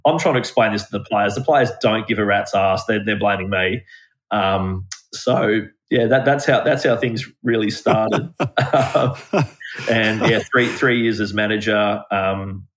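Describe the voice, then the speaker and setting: A man's voice: fairly low pitch, measured pace, a bit bright, rough recording. An Australian man talking casually as a podcast guest, telling rambling anecdotes. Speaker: guest, former country cricket coach.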